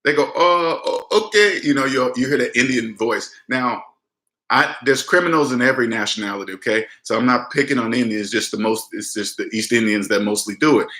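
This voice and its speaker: Talking directly to the camera, a man delivers a casual but blunt, emphatic lecture on personal finance, frequently starting his sentences over. His pitch is fairly low, his tone pushed and bright, and the room echoes noticeably.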